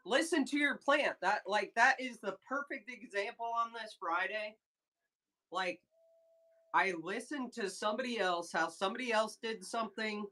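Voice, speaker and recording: A woman hosting a casual live sales stream, chatting excitedly with viewers and reading their comments aloud. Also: medium pitch. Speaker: livestream seller host. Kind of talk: casual livestream chat with viewers.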